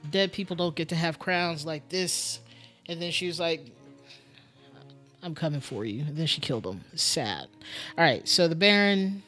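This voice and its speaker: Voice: mid-range voice, a bit bright. A streamer thinking aloud during a casual live-stream game commentary, muttering and musing with lots of fillers.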